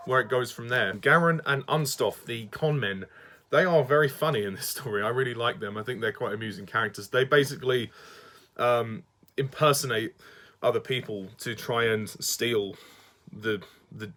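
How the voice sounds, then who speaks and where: A man's voice: mid-range voice, normal speed, bright, forceful tone. A man with a Southern English accent giving a casual spoken review, hesitant, often restarting sentences and laughing between them.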